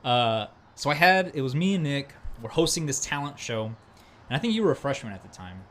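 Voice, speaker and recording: A young man hosting a casual podcast, retelling an old story with lively energy. He throws in bro and dude constantly. His voice sits at a middle pitch over a faint hum of background noise. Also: a little fast. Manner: animated storyteller, says bro and dude often. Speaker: podcast host. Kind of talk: casual chat.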